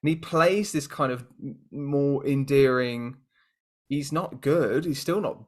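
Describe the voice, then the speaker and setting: A man's voice: medium pitch, a little slow. A British man co-hosting a podcast, chatting casually and thinking aloud with lots of "kind of"s. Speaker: podcast co-host. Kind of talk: casual chat.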